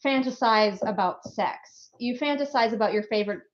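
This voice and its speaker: A woman hosting a casual livestream as an author, chatty and quick to laugh, full of little asides. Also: fairly high pitch. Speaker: author hosting a book release stream. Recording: slightly muffled stream audio.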